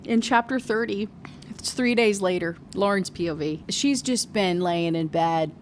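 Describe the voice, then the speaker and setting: A woman's voice: mid-range voice, a little slow. A young woman recaps a novel in a loose, chatty rant, full of sarcasm and swearing. She sounds exasperated with the characters. A faint noise sits under her voice. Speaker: book reviewer. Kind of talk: casual rant review.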